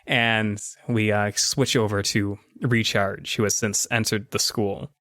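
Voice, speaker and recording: A man narrating and running a tabletop role-playing game as game master, in a chatty, relaxed way. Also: on the low side, takes it slowly, no echo, studio quality.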